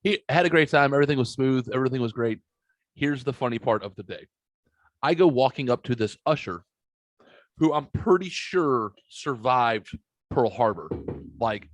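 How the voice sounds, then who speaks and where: A man in his forties hosting a podcast, telling stories in a rambling, animated, casual way. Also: mid-range voice, moderate pace, dry recording. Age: 40s. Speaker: podcast host. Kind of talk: casual podcast chat, storytelling.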